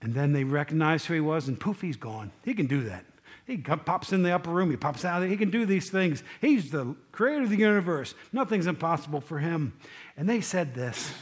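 A man preaching a sermon, reading scripture aloud and questioning his congregation, his voice rising loud and dropping to quiet asides. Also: a little high, animated, fairly quick. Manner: asks the congregation questions directly.

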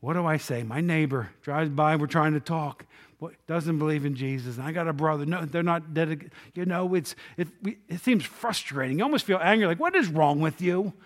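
A man preaching a sermon in a church, his voice a little higher than most men's. He talks to the congregation like friends, firing off rhetorical questions and dropping from loud calls to near hushes. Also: fairly quick. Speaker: pastor. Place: church sanctuary.

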